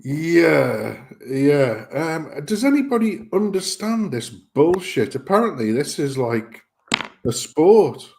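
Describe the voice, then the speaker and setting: A man's voice: on the high side, very animated, slow pace, gravelly, a little mellow. A man hosting a casual live-stream chat, hesitant with lots of fillers, swearing and laughing as he tells a joke. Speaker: host.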